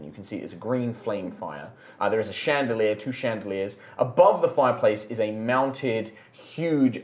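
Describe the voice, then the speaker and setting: A man's voice: fairly low pitch, a little mellow. A man running a tabletop game as game master, describing scenes with frequent restarts. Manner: rambling, self-correcting descriptions.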